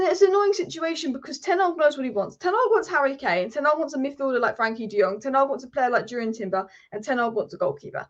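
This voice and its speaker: A woman hosting a live football talk stream, talking passionately and fast in a ranting way. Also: on the high side, dull audio. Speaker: football channel host.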